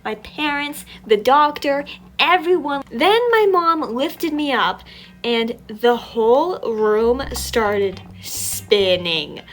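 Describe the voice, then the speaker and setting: A woman's voice: a little high, slow pace. Chatty young woman, a little sick. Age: young adult. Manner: animated, chatty, self-mocking. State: still sick. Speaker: storytime vlogger. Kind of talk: casual storytelling.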